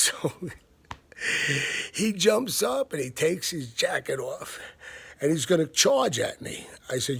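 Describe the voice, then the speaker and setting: A man's voice: fairly high pitch, big pitch swings, slow, pauses often, fairly bright tone. A man, telling a story in a blunt, profane, casual rant. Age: 50s. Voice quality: gravelly, husky. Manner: profane, blunt, laughs between lines.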